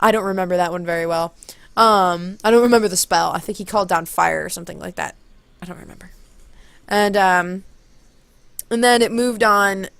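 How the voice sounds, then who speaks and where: A woman's voice: moderate pace, gravelly, pauses often, clear, resonant tone, no room sound. A woman telling a long story casually on her vlog, rambling and acting out quotes, speaking into a close handheld mic. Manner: rambling, animated, acts out quotes in high voices. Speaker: vlogger. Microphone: handheld corded mic held close.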